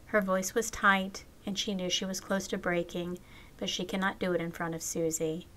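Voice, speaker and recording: A woman author reading her own novel aloud in a slow, measured audiobook narration. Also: fairly low pitch, fairly even intonation, fairly bright tone.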